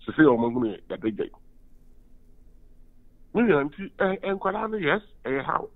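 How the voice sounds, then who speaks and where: A man's voice: fairly high pitch, very animated, moderate pace. A Ghanaian university lecturer and union official giving an emphatic phone-in radio interview, switching between Twi and English. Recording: tinny phone line.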